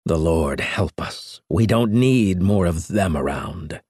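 A man voicing a blunt, gruff old admiral in an audiobook, barking stern orders. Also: sits low, big pitch swings, moderate pace, no room sound, clean studio sound.

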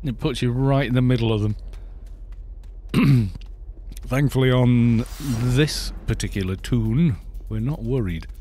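A man's voice: mid-range voice, measured pace, long pauses, warm tone, a little hiss or hum. Rambling, laughing man streaming a game. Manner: rambling and jokey, laughs often. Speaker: gaming streamer. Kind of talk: casual live-stream chat while playing.

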